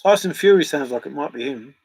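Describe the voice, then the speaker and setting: A man's voice: fairly high pitch, expressive, fast, darkish tone, slightly rough, rough recording. A middle-aged man hosting a livestream, joking and laughing as he banters with viewers in the chat. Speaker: livestream host answering chat. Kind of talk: casual chat.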